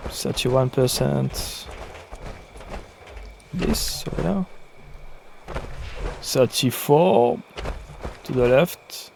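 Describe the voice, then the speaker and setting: A man's voice: mid-range voice, lively intonation, very slow, gravelly, long pauses, darkish tone, a little hiss or hum. Muttering gamer man. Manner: muttering to himself while searching. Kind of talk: casual gameplay commentary.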